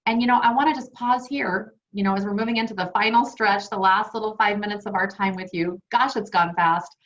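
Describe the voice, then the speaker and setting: Speaking briskly in a medium-pitched, slightly bright voice with fairly even intonation, a woman co-hosts a wellness webinar online. She's enthusiastic and chatty, sharing her own stories as she teaches. The sound comes through a dull, lo-fi video call.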